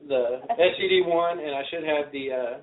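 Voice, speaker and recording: Man, event organizer, relaxed and halting, slightly high voice, phone-line sound. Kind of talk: casual chat.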